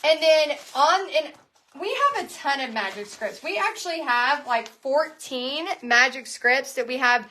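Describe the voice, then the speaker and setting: A woman hosting a live online painting class, talking in an energetic, chatty way and often restarting her sentences. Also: sits high, unhurried, slight background noise. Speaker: painting instructor and bootcamp host.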